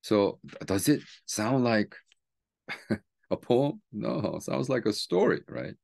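A man, a seminary teacher and pastor, chatting casually about a book and reading its poems aloud slowly and softly. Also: mid-range voice, sing-song, creaky. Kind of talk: book talk with poetry reading.

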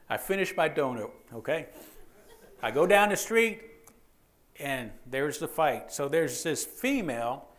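Cop in his 50s teaching a class, kinda high voice, jokey storyteller, keeps asking okay?. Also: slow, pauses often. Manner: lively, joking storyteller who repeats words and checks in with "okay?". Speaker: police officer training civilians. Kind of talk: training lecture with anecdotes.

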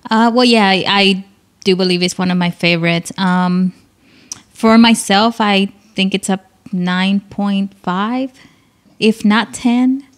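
A woman's voice: medium pitch, takes it slowly. A woman with a French accent, a first-time podcast guest, speaking hesitantly and modestly. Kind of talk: casual podcast chat.

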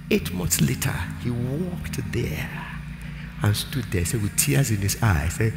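A man with a Nigerian accent preaching a live church sermon, moving from storytelling into shouted, sing-song declarations. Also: mid-range voice, sing-song, moderate pace, vocal fry. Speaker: pastor. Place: large church hall. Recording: roomy church hall with music behind.

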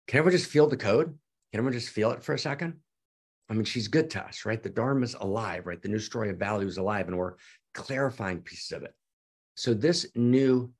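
A man hosting an online gathering on a video call who talks effusively and excitedly to his audience, repeating words and restarting often. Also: sits low, gravelly, husky. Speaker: teacher and host of an online gathering. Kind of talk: excited spontaneous talk to an audience.

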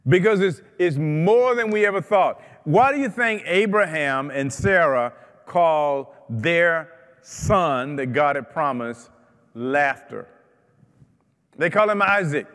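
Pastor, male, slightly high voice, slow deliberate fervent delivery, church reverb. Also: expressive, a bit bright. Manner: fervent preaching with repeated phrases. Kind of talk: sermon. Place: church sanctuary.

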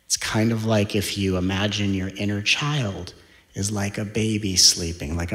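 A man giving a spiritual talk in a playful way, moving from hushed to animated. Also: on the low side. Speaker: spiritual teacher.

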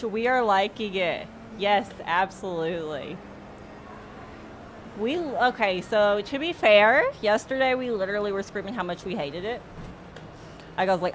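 A young Mississippi woman, speaking at a medium pitch and a measured pace, streams sim racing from her home setup and chats casually with viewers, laughing often and swearing now and then. She's from the US South, and her desktop USB mic picks up a little hiss or hum.

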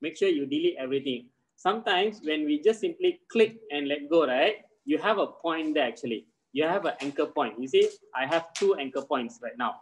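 A man teaching a live online design class, walking through steps slowly and reassuring his students. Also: a little high, lively intonation, low-quality recording. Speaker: design software trainer. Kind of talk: live online software tutorial.

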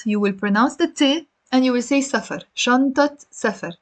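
A woman's voice: on the high side, a little fast. A woman with a Lebanese accent teaching a live Arabic lesson, explaining patiently in English and Arabic and putting questions to her viewers. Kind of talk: live-streamed language lesson.

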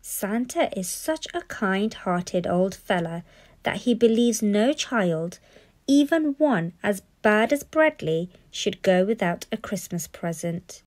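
A woman reads a children's storybook aloud, slowly and in a mid-range voice, with an expressive, playful delivery.

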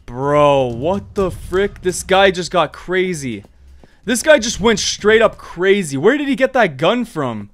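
A man giving excited, slangy commentary while retelling a game roleplay. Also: sits high, unhurried. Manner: excitable, slangy, reacts loudly to surprises. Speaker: gaming channel host.

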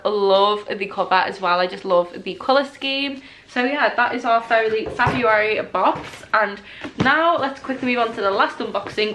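A young woman chatting casually in a book unboxing vlog, excitable and gushing, often laughing as she talks. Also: mid-range voice, slight background noise. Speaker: book vlogger. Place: indoors at home, rain outside.

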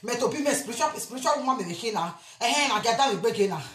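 Loud high Nigerian woman ranting. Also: expressive, fast talker, echoey room. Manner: loud, emphatic, bursts into shouting. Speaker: spiritual vlogger. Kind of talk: impassioned rant to camera.

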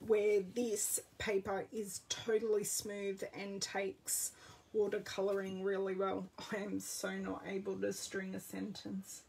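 An Australian woman runs a casual live card-making demo, chatting and greeting viewers while she works. Her voice is mid-range, a little mellow and slightly rough, and she sounds distant and off-mic.

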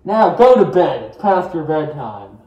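A young man playing a kindly old grandfather who talks gently to his grandkids at bedtime in a school skit. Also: on the high side, big pitch swings, unhurried, lo-fi sound. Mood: gentle. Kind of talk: amateur school skit acting. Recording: roomy echo.

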